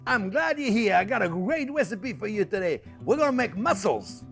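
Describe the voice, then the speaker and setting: An older French-accented man chats his way through a cooking demonstration at a slightly higher pitch than most men. He jokes with the viewers and stumbles over frequent fillers and restarts, talking easily in his kitchen. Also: very animated, moderate pace, a bit bright, breathy edge, soft background music. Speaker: chef and host. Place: home kitchen.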